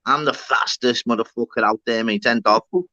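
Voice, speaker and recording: Bright-voiced man, lo-fi. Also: medium pitch, brisk, no echo. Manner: swearing, laughing, retelling his own lines. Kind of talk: casual banter on a live stream. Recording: dull, dry lo-fi stream audio.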